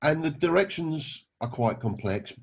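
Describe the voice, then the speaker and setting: A man's voice: fairly high pitch, lively intonation, measured pace, gravelly, breathy edge. A man giving a motivational talk, telling anecdotes and asking his listeners rhetorical questions. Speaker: network marketing recruiter.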